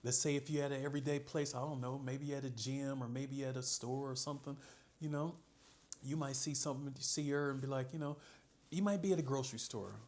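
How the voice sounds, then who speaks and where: A man's voice: mid-range voice, little pitch movement, fairly quick, darkish tone. A man giving casual dating advice as a coach, laid-back and calling the listener bro.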